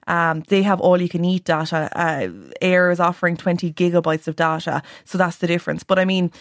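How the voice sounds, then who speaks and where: An Irish woman reporter talks listeners through phone plans in a chatty, practical way, peppering her points with ums and asides. Her voice sits a little low. It is recorded close and dry in a radio studio. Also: level tone, a little fast, no echo. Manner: chatty, lists prices and tips with many ums. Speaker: news reporter. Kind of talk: radio consumer-advice segment.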